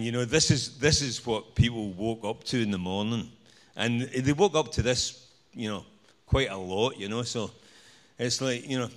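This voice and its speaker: Rambling, joking Scottish man on stage. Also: mid-range voice. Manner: rambling, jokey, full of "you know" fillers. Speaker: speaker at a presentation night. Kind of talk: live stage talk with slides.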